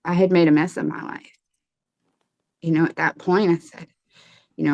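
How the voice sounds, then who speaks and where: A woman telling a personal story in an interview, halting and full of fillers and restarts. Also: sits low, level tone, vocal fry, darkish tone, dry recording, dull audio. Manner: halting, many fillers and self-corrections. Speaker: guest sharing a near-death testimony.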